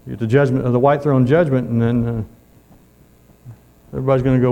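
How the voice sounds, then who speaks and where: A man's voice: mid-range voice, little pitch movement, a little fast, highs cut off. A man preaching a sermon in a folksy way, calling out amen often.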